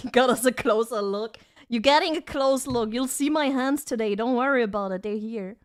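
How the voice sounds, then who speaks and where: A woman's voice: a little high, moderate pace. A young woman streaming from her home desk, chatting casually and giggling as she reads her chat aloud. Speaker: vtuber streamer.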